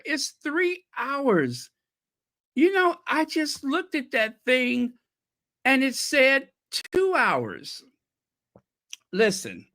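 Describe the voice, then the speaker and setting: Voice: medium pitch, sharp tone. A host chatting casually on a live stream, playful and joking, with a voice worn from hours of talking. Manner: playful, joking, bursts into singing. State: losing voice, dry throat.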